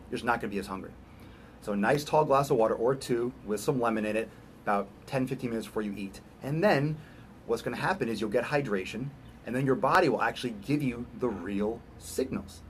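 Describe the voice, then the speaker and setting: A man's voice: lowish voice, a little hiss or hum. Emphatic man giving fitness advice. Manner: emphatic, repeats phrases, acts out quick voices. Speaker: fitness coach. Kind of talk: casual fitness advice talk.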